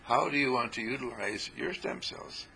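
A man giving a rambling spiritual talk to a small group, animated and often laughing as he acts out little scenes. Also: mid-range voice, normal speed, creaky, a little hiss or hum, poor audio. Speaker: spiritual teacher.

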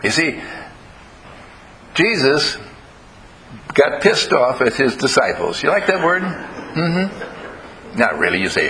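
A man, a minister, giving a lively sermon full of stories, playful and acting out little voices. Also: fairly high pitch, a little slow, slight background noise, low-quality recording. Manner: animated, playful, acts out voices in anecdotes.

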